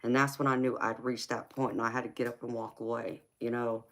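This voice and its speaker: A woman's voice: rumbling low, level tone, brisk. A middle-aged woman talking casually to viewers on a live stream, speaking with passion and conviction and calling them honey and baby. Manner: passionate, emphatic, talks to chat with endearments. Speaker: tarot reader and live streamer.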